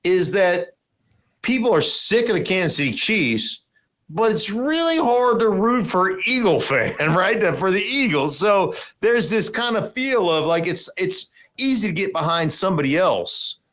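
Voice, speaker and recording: A middle-aged man chatting on a sports podcast, full of stories and put-on voices. His voice sits a little high and swings widely in pitch as he acts things out. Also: unhurried. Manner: animated storyteller, acts out voices in big jumps of pitch. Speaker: podcast host, former football player. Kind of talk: casual sports chat.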